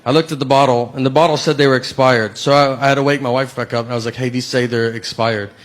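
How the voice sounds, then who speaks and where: A middle-aged man doing a deadpan, self-deprecating stand-up routine on a theater stage. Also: mid-range voice, racing. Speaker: stand-up comedian. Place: theater stage before a laughing audience. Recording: live show with audible crowd.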